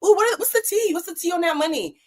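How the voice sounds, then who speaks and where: A woman putting on the high, prying voice of a rude, nosy party guest. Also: expressive, quick pace.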